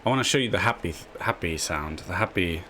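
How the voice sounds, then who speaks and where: Brief: low-pitched male chess host, offhand and rambling, slight hiss in the background. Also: animated, brisk, bright, forceful tone. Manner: rambling, tags lines with a questioning "yeah?". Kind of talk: casual screen-share explainer.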